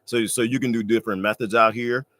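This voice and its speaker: Male off-grid host, easygoing digressive talker who says y'all, forceful bright tone. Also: medium pitch, fairly even intonation, quick pace, no echo. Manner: loose, digressive, says y'all, joking asides. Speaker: livestream host answering chat. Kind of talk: casual rambling chat. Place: off-grid desert home, indoors.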